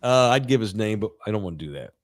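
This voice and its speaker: A man's voice: on the low side, lively intonation, quick pace. A middle-aged man, a podcast co-host, telling a raunchy story in casual chat with lots of laughs.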